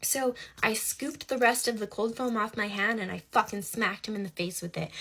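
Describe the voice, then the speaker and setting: A woman's voice: medium pitch, steady tone, normal speed, creaky, hardly any pauses, sharp tone, slightly rough. A young woman telling a personal story in casual, emphatic chat, with rhetorical asides. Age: young adult.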